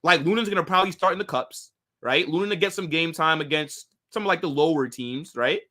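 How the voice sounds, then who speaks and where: With a fairly high, sharp-toned voice and a brisk pace, a young man from the United States runs a casual football live stream. He reads what viewers write and responds in slangy speech loaded with "bro" and "like."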